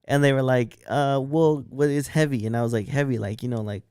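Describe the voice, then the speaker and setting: A man's voice: mid-range voice, steady tone, fairly quick, darkish tone, clear, resonant tone, no echo, clean studio sound. A man co-hosting a podcast, telling a long story in casual, profane chat and acting out what others said. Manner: rambling, profane, acts out quotes. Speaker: podcast co-host.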